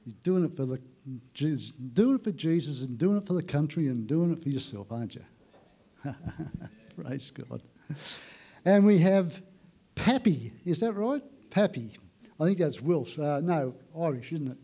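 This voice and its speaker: A man's voice: fairly high pitch, lively intonation, moderate pace, pauses often, mellow, breathy edge. A man, a pastor, joking easily with the congregation before his sermon. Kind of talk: sermon introduction.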